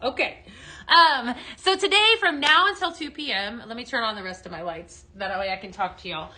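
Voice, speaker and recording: Excited live-stream seller, woman, bright and punchy, chats directly to viewers. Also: on the high side, moderate pace, slight background noise, poor audio. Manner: excited, gushing, talks straight to viewers. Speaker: live-stream sales host. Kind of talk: chatty live product demo. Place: indoors, dimmed room.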